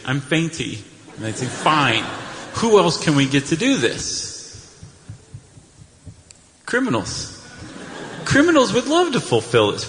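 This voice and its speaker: A man's voice: sits high, a bit bright. Wry American man in a live hall. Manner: wry, jokey, playful asides. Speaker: podcast co-host. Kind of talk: live comedic storytelling on stage. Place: large hall with live audience. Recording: live hall recording with faint noise.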